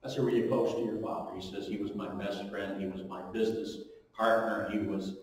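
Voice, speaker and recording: Pastor guy preaching, storytelling, mid pitched voice, far off mic in a big echoey church. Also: a little fast, slight background noise. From eastern Ontario, Canada. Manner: storytelling, animated with strong rises and drops in pitch and volume. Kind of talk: sermon. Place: church hall. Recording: echoey hall, recorded from far off.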